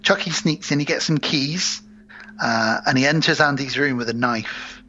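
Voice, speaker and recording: A man co-hosting a podcast, recapping a film in a casual, animated way with lots of swearing. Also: medium pitch, moderate pace. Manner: animated, swearing, acts out scenes. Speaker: podcast co-host. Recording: muffled home podcast audio.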